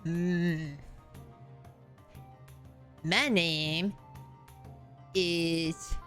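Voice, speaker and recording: A woman's voice: on the low side, steady tone, very slow, a bit bright, faint music behind. A woman from the American South narrating a tabletop game as game master, laughing and swearing as she improvises.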